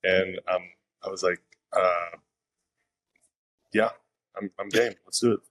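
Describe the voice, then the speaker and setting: A young man with a low, deep voice speaks casually as a podcast guest, rambling through his stories with frequent fillers and restarts. The recording is dry and close, with no room sound. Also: steady tone, slow, fairly bright tone, no echo. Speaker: professional pitcher, podcast guest. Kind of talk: casual interview storytelling.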